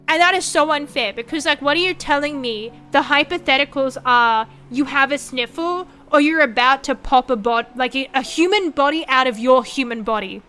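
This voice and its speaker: A young woman streaming a casual chat, her voice high and bright. She rambles in a frank, profane, animated way, and faint music plays behind her. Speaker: VTuber streamer.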